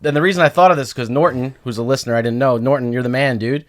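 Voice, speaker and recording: A man's voice: mid-range voice, racing. A man co-hosting a podcast in casual chat, telling rambling stories and acting out quotes. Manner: rambling storyteller, acts out quotes loudly. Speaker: podcast co-host.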